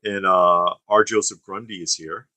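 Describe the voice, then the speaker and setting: A man's voice: low-pitched, steady tone, moderate pace, bright, forceful tone, dry recording, rough recording. A man co-hosting a live stream, chatting casually and reading viewer comments, rambling with fillers and restarts. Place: studio.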